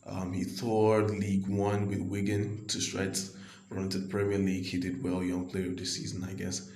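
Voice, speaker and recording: A man from Nigeria giving casual, rambling commentary while playing a football management game. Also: sits low. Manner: chatty, rambling, quick to get excited. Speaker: gaming video creator. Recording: roomy echo.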